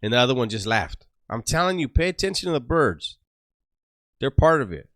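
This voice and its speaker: A man's voice: mid-range voice, very animated, a little fast, a bit bright, no echo, clean studio sound. A man hosting a reaction video, making sarcastic, joking remarks and laughing between clips. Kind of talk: reaction commentary.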